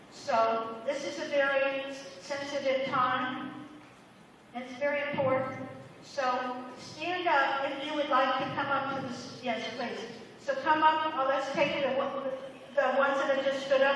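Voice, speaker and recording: A woman's voice: high voice, fairly bright tone. A woman giving an earnest motivational speech at a school assembly, often repeating her urgings to the students. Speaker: motivational speaker. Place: large echoing hall. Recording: echoey hall, far from the mic, faint hiss.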